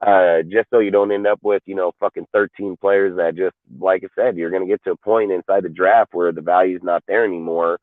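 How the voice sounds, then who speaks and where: A man's voice: deep voice, fairly even intonation, fairly quick, few pauses, dry recording. A man ranting about football on a livestream talk show, emphatic and full of profanity. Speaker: podcast co-host. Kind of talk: heated sports talk rant. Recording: tinny phone-like line, dry.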